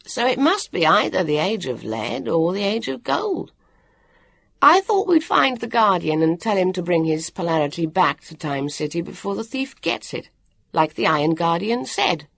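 Brisk bossy boy, as a reader puts him on, eager, a touch raised, storybook. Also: medium pitch, big pitch swings, gravelly, a bit bright, dry recording, voice pushed up, full character voice. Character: eager boy leading a time adventure.

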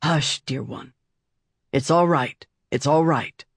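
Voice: medium pitch, slow pace, breathy edge, no echo, studio quality. A narrator doing stern innkeeper Silence. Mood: hushed comfort. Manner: stern, sharp scolding. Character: stern woman innkeeper guarding her home.

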